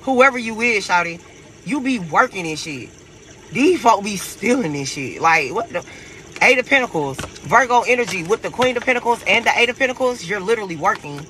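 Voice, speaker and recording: Animated, profane, high-voiced man reading tarot. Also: brisk, a little hiss or hum, poor audio. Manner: profane, animated, laughs a lot. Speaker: tarot reader. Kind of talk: casual tarot reading for viewers.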